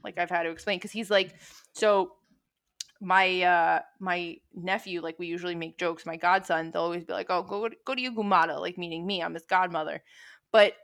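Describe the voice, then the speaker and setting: Woman, young adult, casual chat, rambling, animated, swears casually, slightly low voice. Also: normal speed, gravelly.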